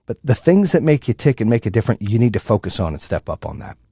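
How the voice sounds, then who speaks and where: A middle-aged man hosting a solo motivational podcast, telling stories in a profane, animated way with lots of fillers. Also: fairly low pitch, quick pace, husky, no room sound, clean studio sound. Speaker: podcast host.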